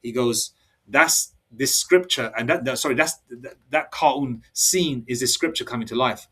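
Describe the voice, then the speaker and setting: Casting note: man in his fifties, heated street-preacher monologue, mid-pitched, laptop mic set back. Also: moderate pace, husky, recorded from a distance. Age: 50s. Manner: forceful, repetitive, ends phrases with "all right?". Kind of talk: heated sermon-style monologue.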